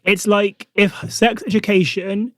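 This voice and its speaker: High-voiced man, chatty host. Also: fairly even intonation, a bit bright, dry recording, studio quality. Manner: chatty, swears freely, quick asides. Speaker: podcast host. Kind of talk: casual chat.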